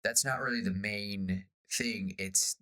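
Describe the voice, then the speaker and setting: Guy riffing a story pitch on a podcast, bright voice, jumps into character lines. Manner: animated, acts out pirate lines in quick bursts. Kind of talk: casual brainstorming chat. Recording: slightly off-sounding podcast audio.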